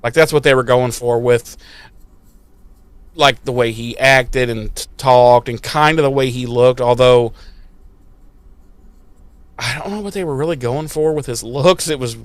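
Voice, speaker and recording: A man co-hosting a podcast, recapping an episode in a profane, sarcastic, animated way. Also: mid-range voice, a little slow, long pauses, clean tone, no room sound. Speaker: podcast co-host. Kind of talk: casual recap chat.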